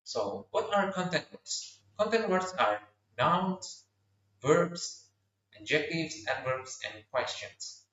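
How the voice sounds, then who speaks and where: Young male student teacher, slow and lively, voice a bit high, roomy dull recording from a distance. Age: young adult. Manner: slow, clear explanations with exaggerated stress on example words. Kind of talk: classroom pronunciation lesson.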